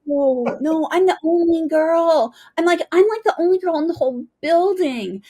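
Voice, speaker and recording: Animated woman telling her story. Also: very high-pitched, normal speed. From United States. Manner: animated storyteller, often adds "right?". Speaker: guest, retired Army helicopter pilot. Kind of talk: storytelling interview.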